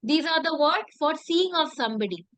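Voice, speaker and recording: A woman teaching a language class, repeating phrases slowly and asking the class rhetorical questions. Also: high-pitched, lively intonation, a bit bright, dry recording, rough recording. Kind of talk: classroom lesson.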